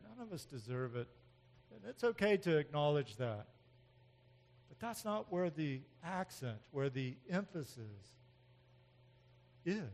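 A man preaching a sermon in an animated way, swinging from loud emphatic outbursts to quiet asides, with frequent chuckles. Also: a little high. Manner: chuckles often between points. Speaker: pastor.

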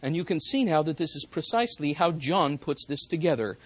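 A preacher delivering a sermon, talking emphatically and swinging between hushed and loud. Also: medium pitch, lively intonation, rough recording. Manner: slows down for quoted verses.

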